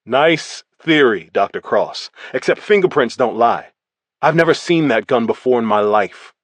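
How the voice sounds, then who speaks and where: A man's voice: medium pitch, expressive, a little slow, dry recording. A man voicing a smug male crime writer suspected of murder, sneering and snarling his denials.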